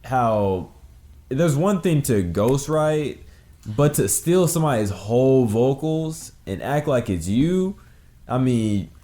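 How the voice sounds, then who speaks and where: A man's voice: medium pitch, very animated, slow, warm tone. A young man guesting in casual chat, dropping dry quips and short asides.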